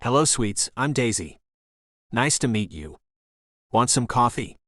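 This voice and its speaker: Male narrator doing a bubbly English waitress, gossipy and warm, pitch swinging freely. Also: very animated, a little slow, no echo, clean studio sound. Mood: friendly. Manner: breezy, chatty, warm. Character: friendly chatty young English waitress.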